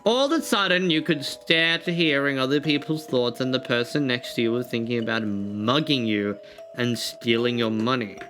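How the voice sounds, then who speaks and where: A male streamer chats his way through a personality quiz, rambling and laughing as he thinks out loud. His voice sits at an ordinary middle pitch. Soft music plays faintly underneath. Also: moderate pace. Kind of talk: casual live-stream chat, reading quiz questions aloud.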